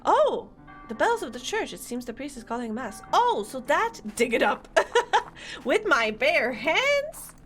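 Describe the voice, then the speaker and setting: A woman's voice: high voice, big pitch swings, measured pace, fairly bright tone, faint music behind. A woman casually commenting on a game as she plays, giggling and reacting aloud. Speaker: streamer.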